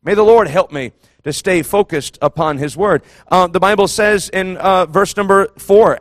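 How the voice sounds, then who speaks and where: A man preaching a fervent sermon, emphatic and impassioned, repeating phrases and surging to near-shouts. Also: high voice, normal speed, no echo.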